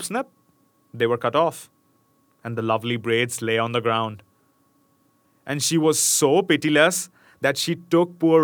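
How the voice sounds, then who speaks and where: A man's voice: mid-range voice, a bit bright, dry recording. A young man casually reading a fairy tale aloud, stopping to joke and chuckle between passages. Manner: laid-back, joking, chuckles between asides. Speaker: storyteller.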